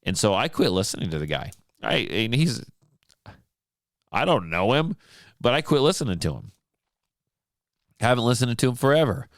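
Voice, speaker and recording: A man hosting a podcast, telling a story in casual monologue, animated and exasperated, often restarting his sentences. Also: mid-range voice, moderate pace, pauses often, dry recording, studio quality. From United States. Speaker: podcast host. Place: home studio.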